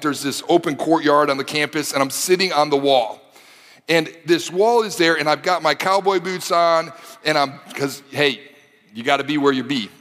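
A man preaching a sermon, telling a personal story with animated delivery that rises to shouting at the exciting moments. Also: fairly high pitch. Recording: long hall reverb.

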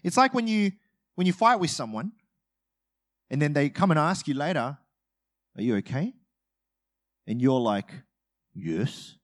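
A man preaching a sermon as a pastor, talking conversationally with humor and acting out short everyday scenes, swinging from loud bursts to quiet asides. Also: fairly high pitch, very animated, normal speed, pauses often.

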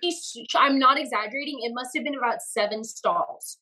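Bright, animated woman telling stories. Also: a little high, brisk, poor audio. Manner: animated storyteller, laughs often. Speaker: guest actress. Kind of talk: casual podcast interview.

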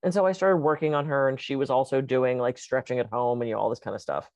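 A woman co-hosting a casual podcast chat as a coach, telling stories and acting out quotes with lively energy. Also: extremely low pitch, quick pace, no room sound. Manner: animated storyteller, acts out quotes.

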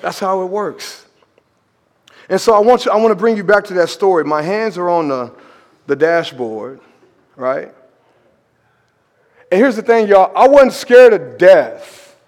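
A man preaching a sermon as pastor, storytelling with animated, shouted emphasis in a church sanctuary. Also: high voice, a little slow, pauses often. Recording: long reverb of a large church hall.

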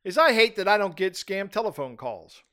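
A man with a notably high-pitched voice co-hosts a relaxed chat. He tells stories loosely and keeps breaking into laughter mid-sentence. His tone is easygoing. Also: normal speed. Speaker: podcast co-host. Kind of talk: casual chat.

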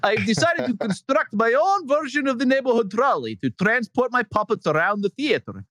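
A man's voice: very high-pitched, very animated, moderate pace, fairly bright tone, no echo, clean studio sound, voice pushed up, full character voice. A man putting on a mock Estonian puppeteer. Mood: gushing. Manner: breaks into laughter while reading. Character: enthusiastic Estonian male puppeteer fan. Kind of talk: comic reading of a listener letter.

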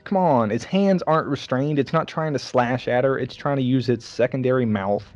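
A man casually ranting about a film on a podcast, sarcastic and animated, mocking the scenes in funny voices. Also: medium pitch, moderate pace, muffled recording, faint music behind. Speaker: podcast co-host reviewing a film. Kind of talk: casual chat.

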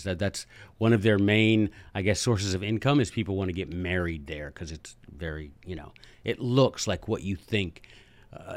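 A man hosting a podcast, telling a story in a chatty, animated way with jokey asides. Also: on the low side, no room sound. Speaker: podcast host and teacher. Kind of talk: casual storytelling monologue.

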